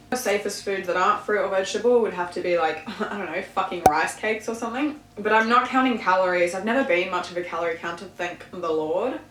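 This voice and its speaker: A woman's voice: mid-range voice, fairly bright tone, slight background noise. Candid young woman in an echoey room. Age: young adult. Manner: candid, swears casually, laughs easily. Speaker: vlogger. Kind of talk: casual Q&A chat while eating.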